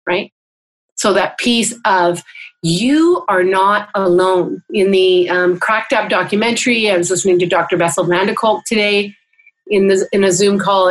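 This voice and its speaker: A woman's voice: medium pitch, low-quality recording. A woman counselor and teacher, a guest on a video call, explaining things in an earnest, instructive way and often asking "right?". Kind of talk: explanatory interview talk.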